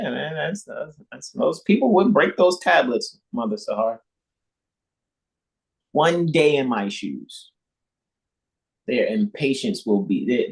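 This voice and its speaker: On a low-quality recording, a man with a breathy edge to his voice hosts an informal spiritual lecture as a spiritual teacher on a devotional livestream. He talks emphatically and repetitively, restarts often, chuckles softly, and mimics imagined listeners in high, mocking voices.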